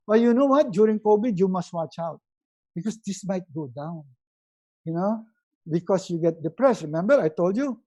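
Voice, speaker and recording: Emphatic Filipino man coaching. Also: rough recording. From Philippines. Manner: emphatic, repeats key words, drops his voice low and soft for emphasis. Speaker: resiliency coach and speaker. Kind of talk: motivational webinar talk.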